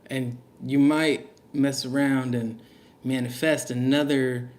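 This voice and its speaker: A man's voice: mid-range voice, flat delivery, takes it slowly, a little mellow. A man giving a casual spoken reading to camera, loose and slangy, musing aloud with fillers. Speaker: tarot reader.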